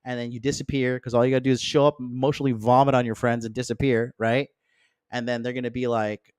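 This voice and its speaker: A man's voice: flat delivery, fast talker, darkish tone, clean tone, dry recording. Guy doing live dating advice, blunt, swears a lot, does mocking voices for his buddies, dry close mic. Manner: blunt, profane, keeps checking in with "okay?"; acts out friends and exes in mocking higher voices. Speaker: host. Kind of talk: livestream dating advice talk.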